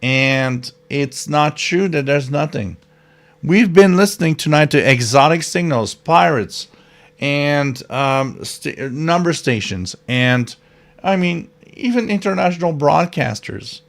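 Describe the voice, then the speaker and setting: Slow-talking enthusiastic male stream host. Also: a little high, animated, vocal fry. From North America. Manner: enthusiastic, emphatic, chatty. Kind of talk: casual live-stream chat.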